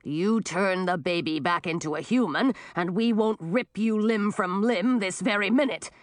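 A woman voicing a big, gruff, impatient male dragon who growls his threats in a storybook reading. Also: mid-range voice, normal speed, no echo, studio quality, natural voice. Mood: menacing.

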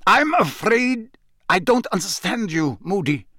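A man reading an audiobook, voicing an unctuous, disdainful headmaster who turns angry, in a raised and forceful voice. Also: high-pitched, big pitch swings, unhurried, dry recording, studio quality, voice pushed up, exaggerated voice. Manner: oily, disdainful, then angry.

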